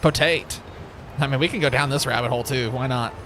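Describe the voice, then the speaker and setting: A man's voice: mid-range voice, fairly even intonation, very fast, fairly bright tone, a little hiss or hum. A man chatting casually while livestreaming a game, joking, rambling and laughing often. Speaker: streamer. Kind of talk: casual gaming livestream chat.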